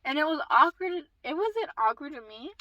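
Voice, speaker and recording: Bright, high-voiced young woman telling a story. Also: normal speed, no room sound, low-quality recording. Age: young adult. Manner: swearing, animated storytelling with acted quotes. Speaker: vlogger. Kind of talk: casual storytime vlog.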